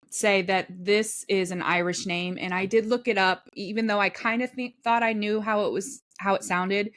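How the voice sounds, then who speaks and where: A woman co-hosts a casual podcast at an ordinary middle pitch. She chats easily, laughs often and reads posts aloud in a relaxed, conversational way. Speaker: podcast co-host.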